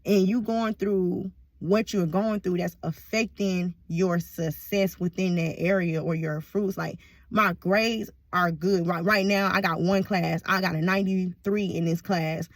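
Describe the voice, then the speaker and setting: A woman's voice: fairly low pitch, steady tone, unhurried, no echo. Profane, rambling woman vlogger. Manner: rambling, profane, laughs often. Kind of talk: casual monologue to camera.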